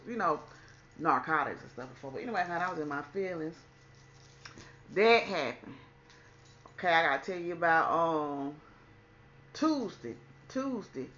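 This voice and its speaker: A woman telling a personal story in a casual storytime chat, chatty and animated, calling the listener "honey" and acting out what people said. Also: on the low side, lo-fi sound, a little hiss or hum. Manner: chatty, says "honey" a lot, acts out quotes. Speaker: vlogger.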